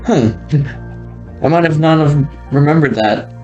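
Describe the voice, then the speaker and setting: A man talks slowly and casually through a walkthrough. He rambles, chuckles often and lets sentences trail off. Faint music plays underneath. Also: a little high, mellow, muffled recording. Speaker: video creator touring an old game world.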